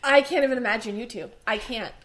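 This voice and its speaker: A young woman hosts a casual podcast. Her voice sits high, and she giggles a lot as she reads out trivia questions to her guests. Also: fast, a bit bright. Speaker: podcast host. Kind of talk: casual chat.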